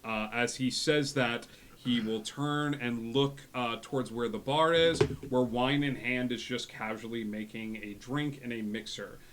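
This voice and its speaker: Relaxed male game master. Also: mid-range voice, measured pace, slight background noise. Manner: relaxed, frequent filler words. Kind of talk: narrating a tabletop game.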